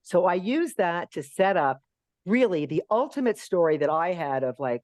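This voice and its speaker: Animated older woman telling stories. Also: normal speed, no room sound, studio quality. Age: 60s. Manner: animated, acts out quotes in high voices. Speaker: podcast guest, author. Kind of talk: storytelling in a podcast interview.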